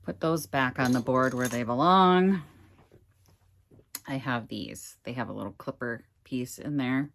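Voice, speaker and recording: A woman's voice: very deep voice, a little slow. A woman chatting casually while she crafts, thinking aloud as she works, with a slight Southern American accent that slips in and out. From United States. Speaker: craft vlogger.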